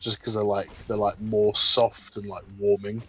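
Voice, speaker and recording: A man with a Brighton English accent chatting casually on a gaming stream, rambling and filler-heavy. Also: lowish voice, level tone, normal speed, husky, low-quality recording. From southern England.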